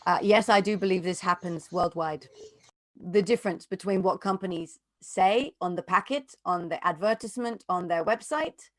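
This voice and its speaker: A woman's voice: fairly low pitch, no room sound. A woman, an economist, giving an earnest, emphatic talk and answering questions over a video call. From United Kingdom. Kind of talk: lecture and Q&A answers.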